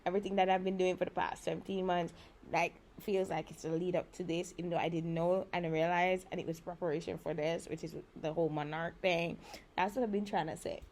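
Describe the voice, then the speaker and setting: A woman's voice: lowish voice, steady tone, brisk, a little mellow, slight background noise. A young woman vlogging in a rambling, emotional monologue, frustrated and swearing as she talks.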